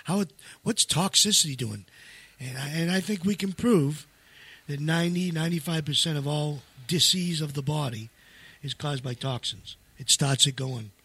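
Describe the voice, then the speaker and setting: A man with a fairly high voice talks in a loose, rambling flow, stacking restarts and fillers, then leans hard into the points he cares about. The recording is dry and close, with no room sound around him. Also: fairly bright tone, slightly rough, dry recording. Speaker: seminar leader and co-author. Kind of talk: casual promotional chat.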